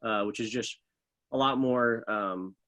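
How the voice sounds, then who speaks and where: A man's voice: mid-range voice, a little slow. A young man, a professional runner, talking casually in an interview, loose and full of fillers. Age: young adult. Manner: relaxed, loose, many fillers like "like" and "uh". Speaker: professional middle distance runner, guest.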